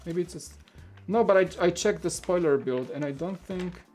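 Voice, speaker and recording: A man's voice: high-pitched, normal speed, darkish tone. A man whose first language is Polish chats casually through a live build stream. He stammers, restarts his sentences and laughs often, while music plays faintly underneath his voice. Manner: rambling, stammers and repeats words; chuckles often while talking. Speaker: livestream host.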